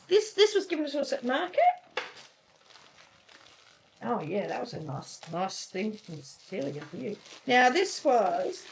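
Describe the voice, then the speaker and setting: A woman's voice: a little high, slight background noise. Gushing, chatty woman. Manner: chatty and gushing, trailing off mid-sentence. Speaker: co-host of a cross-stitch channel. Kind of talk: casual chat.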